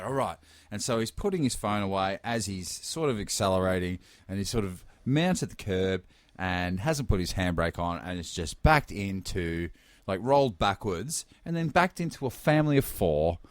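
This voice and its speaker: Lively man telling a travel story. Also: low voice, moderate pace, no room sound. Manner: animated storyteller acting out quotes, swearing. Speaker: podcast co-host. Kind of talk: casual chat, storytelling.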